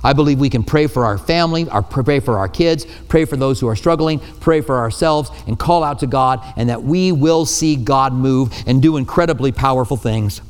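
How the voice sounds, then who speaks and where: A man's voice: mid-range voice, moderate pace, few pauses, clear, resonant tone. A male pastor giving a sermon from a church pulpit, talking in a conversational way with self-deprecating asides. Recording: long hall reverb.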